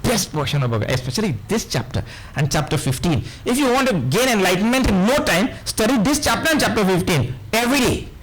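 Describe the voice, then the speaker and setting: Animated Trinidadian swami, high and lively. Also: male voice, quick pace, hardly any pauses, breathy edge, rough recording. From Trinidad and Tobago. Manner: animated, questioning listeners, playful asides. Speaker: swami giving a spiritual discourse. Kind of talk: lively lecture on scripture. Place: hall with a live audience.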